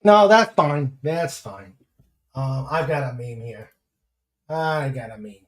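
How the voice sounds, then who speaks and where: A man hosting a podcast in casual chat, reading listener messages aloud and counting slowly. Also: medium pitch, echoey room, low-quality recording. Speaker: podcast host.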